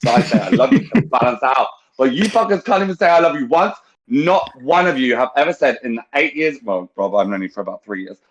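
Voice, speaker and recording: A man's voice: mid-range voice, expressive, brisk, muffled recording. A man hosting a casual chat on a video call, emotional and teasing, who swears freely. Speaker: podcast host.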